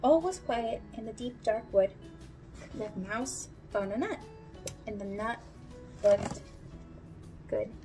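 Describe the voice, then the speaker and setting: Animated, high-voiced woman reading a storybook. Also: takes it slowly, long pauses, music in the background, low-quality recording. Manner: animated, exclaiming with big pitch leaps. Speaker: preschool teacher. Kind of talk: storybook read-aloud for children.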